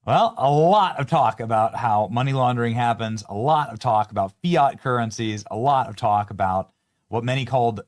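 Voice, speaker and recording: A man in his thirties hosting a political talk show, reading ads and closing remarks in an emphatic, energetic way. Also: fairly low pitch. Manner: energetic, emphatic, salesy ad reads. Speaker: show host.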